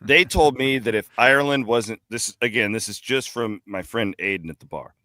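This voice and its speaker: Bright-voiced man telling travel stories. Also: medium pitch, normal speed, no echo, studio quality. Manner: animated storyteller, laughs at his own stories. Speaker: podcast co-host. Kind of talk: casual sports podcast chat. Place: airport bar.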